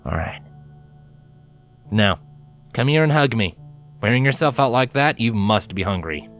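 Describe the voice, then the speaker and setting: A man voicing a young human man who acts as a caring but stern father, firm and deliberate in his speech. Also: mid-range voice, lively intonation, fairly bright tone, soft background music. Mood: tender.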